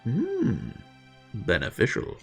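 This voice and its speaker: A man's voice: mid-range voice, wildly swooping pitch, slow pace, vocal fry, husky, soft background music. A young man streaming a video game, chatting casually and breaking into silly made-up rhymes and jingles. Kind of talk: casual gameplay commentary.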